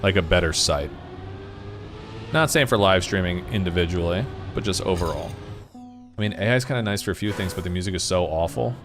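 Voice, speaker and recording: A man's voice: low-pitched, fairly quick. A man streaming a racing game, chatting casually and rambling to his viewers. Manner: chatty, rambling, talks to chat. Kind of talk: casual live-stream chat while gaming. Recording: game music loud behind voice. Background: game music and car sounds.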